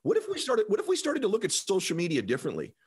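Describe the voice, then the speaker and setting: A man's voice: high-pitched, wildly swooping pitch, racing, husky. A man hosting an interview who turns to speak passionately and directly to the listeners. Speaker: host. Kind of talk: interview, motivational talk.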